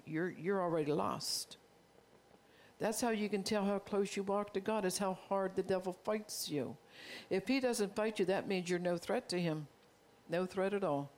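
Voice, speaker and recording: A pastor preaching a heartfelt sermon, with a gravelly, creaky edge running through the voice. The delivery is earnest and confessional, with frequent call-outs to the congregation. The pitch sits in a middle range. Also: a little mellow, a little hiss or hum.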